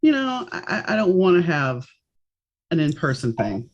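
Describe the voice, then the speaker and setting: A middle-aged woman from New Orleans with a faint, mixed American accent, hosting a casual podcast interview in a chatty, animated way. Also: lowish voice, moderate pace, lo-fi sound. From New Orleans, United States. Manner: chatty, animated, jumps between stories. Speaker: podcast host.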